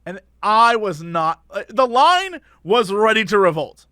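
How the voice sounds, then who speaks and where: A man's voice: sits high, sing-song, measured pace, bright, forceful tone, dry recording, clean studio sound. A man co-hosting a podcast, chatting casually and ranting animatedly about pet peeves. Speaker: podcast co-host. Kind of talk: casual chat.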